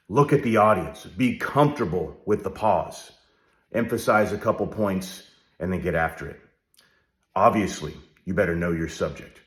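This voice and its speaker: A middle-aged man speaking straight to the viewer as a leadership coach, direct and coaching, often checking in with "all right?". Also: low voice. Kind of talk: direct-to-camera advice talk. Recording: roomy echo.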